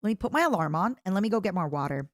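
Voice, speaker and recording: A woman streamer chatting casually and reacting to clips, excitable and playful, squealing over cute things. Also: mid-range voice, rapid-fire, no room sound, clean studio sound.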